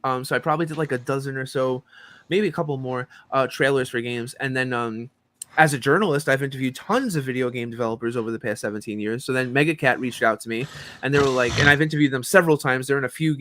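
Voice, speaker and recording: With a medium-pitched voice and a quick pace, a professor and voice actor in his forties tells animated stories during a casual podcast interview, leaning heavily on fillers such as "um" and "like."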